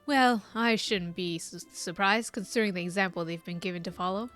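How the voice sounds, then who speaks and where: Folksy older male summoner with a gruff dialect, read by a woman, dropping to a lower, quieter voice for him. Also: brisk, soft background music, natural voice. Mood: gruff, fond. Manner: drops into dialect words like 'me' and 'ye'.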